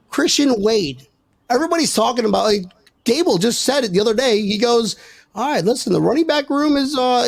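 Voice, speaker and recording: A man with a high, very animated voice and a gravelly edge hosts a sports podcast. He jokes and teases in excitable, casual banter, swinging his pitch up and down as he argues. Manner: joking, excitable, teasing. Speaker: podcast host.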